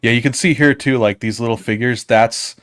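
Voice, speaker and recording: A man co-hosting a livestream in relaxed, chatty talk that trails off softly at the ends of lines. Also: mid-range voice, fairly quick, smooth, dry recording, studio quality. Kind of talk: casual livestream chat.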